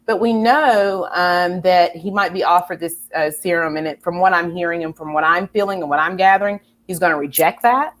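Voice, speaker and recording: A woman hosting a casual pop culture talk show, her voice sitting a little low. She rambles eagerly, full of fillers and restarts. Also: fairly quick, few pauses. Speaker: host.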